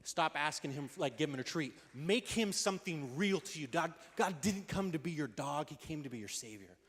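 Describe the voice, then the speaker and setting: Energetic young pastor man in a reverberant hall. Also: on the high side, normal speed, breathy edge. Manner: energetic and conversational, acting out quotes in voices. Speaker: youth pastor. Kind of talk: casual youth sermon. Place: church hall. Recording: long reverb of a large hall.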